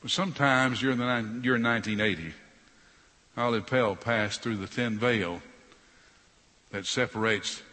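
A man preaching a sermon, swinging between loud emphasis and quiet sarcastic asides. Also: on the low side. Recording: long hall reverb.

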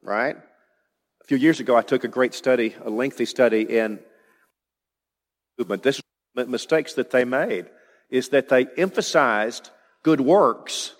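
A man's voice: mid-range voice, measured pace, long pauses, in a large hall. A man preaching an expository sermon, emphatic and building to rising declarations.

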